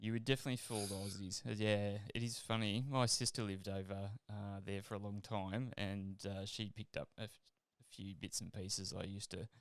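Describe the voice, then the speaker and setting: A man hosts a casual podcast chat, rambling and breaking off his own sentences. His voice sits low and smooth, and it is recorded dry and close. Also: fairly even intonation, moderate pace, no room sound. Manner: rambling, self-interrupting. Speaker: podcast host.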